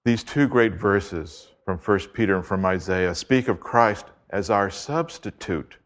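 Deliberate, emphatic low-voiced preacher. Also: male voice. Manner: emphatic, deliberate, slows to stress key words. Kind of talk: expository sermon.

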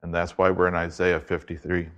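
A man with a fairly low voice preaching an expository sermon. He reads scripture aloud and leans hard on key words, slowing down and repeating phrases for emphasis. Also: flat delivery, highs cut off. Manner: emphatic, deliberate, slows to stress key words.

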